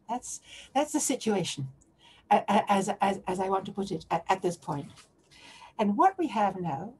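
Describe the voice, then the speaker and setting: A woman's voice: mid-range voice, darkish tone, a little hiss or hum. A woman lecturing on a biblical text to a remote audience, often restarting and posing questions as she searches for words.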